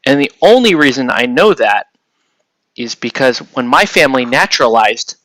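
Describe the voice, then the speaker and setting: A man from the United States talks loosely to his live chat as he works, wandering between topics with the odd casual curse. His voice sits at an ordinary middle pitch. The sound is dry and close, with no room echo. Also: expressive, moderate pace, fairly bright tone. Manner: chatty, rambling, casually profane, answers chat as he works. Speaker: livestreamer painting miniatures.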